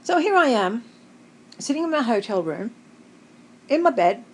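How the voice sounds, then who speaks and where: A woman's voice: a little high, big pitch swings, moderate pace, a little hiss or hum, poor audio. Rambling Australian woman vlogging from bed. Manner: rambling, conversational, often laughing. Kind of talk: casual chatty personal vlog. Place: hotel room, sitting up in bed.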